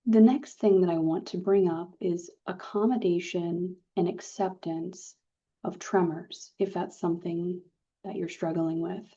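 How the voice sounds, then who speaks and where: A woman leading a guided relaxation session, speaking calmly and gently with soft pauses. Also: on the low side, slightly rough. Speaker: meditation guide. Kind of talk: guided meditation talk. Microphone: video call. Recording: dull lo-fi video call audio.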